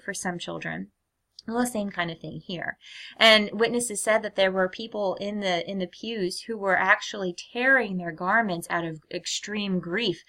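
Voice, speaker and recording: A woman teacher giving a recorded lecture in a clear, measured way, often putting questions to her students. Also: medium pitch, a bit bright.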